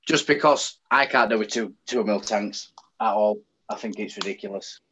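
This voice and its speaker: A man's voice: on the low side, moderate pace, slight background noise. A man with an English accent, chatting casually as a guest and ranting with feeling. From United Kingdom. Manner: animated, ranting. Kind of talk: casual chat. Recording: dull lo-fi sound.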